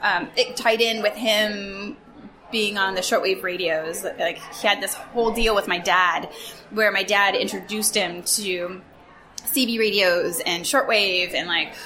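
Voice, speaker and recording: A woman sharing lively childhood stories about her cousin in a casual interview, laughing as she goes. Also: medium pitch, unhurried, crowd noise. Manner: animated, laughing storyteller. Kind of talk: casual storytelling. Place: Tacoma, Washington area.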